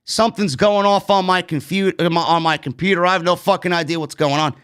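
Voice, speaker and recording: A man's voice: sits high, steady tone, a little fast, a bit bright, clean tone. Sweary, exasperated New York man ranting. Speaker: wrestling show reviewer. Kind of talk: profane ranting commentary.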